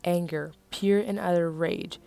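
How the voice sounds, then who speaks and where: A woman reading her own story aloud, voicing an angry, foul-mouthed teenage boy who yells and swears defiantly. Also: fairly low pitch, steady tone, measured pace, gravelly. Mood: furious.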